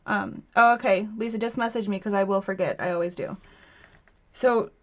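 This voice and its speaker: On a homemade craft livestream, a thirtysomething woman talks and laughs with her audience and reads their comments aloud. She speaks at medium pitch and a moderate pace, and the recording has a dull, lo-fi stream quality.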